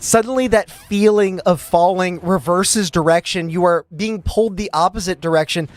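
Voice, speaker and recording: A young man narrating a tabletop game as dungeon master, slow and deliberate, with frequent fillers. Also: high voice.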